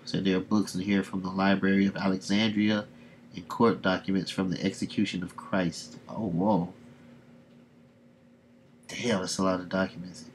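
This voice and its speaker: A man's voice: low voice, flat delivery, moderate pace, slight background noise. A man hosting a casual livestream, reading comics aloud and chatting to viewers, often laughing between remarks. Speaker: livestream host.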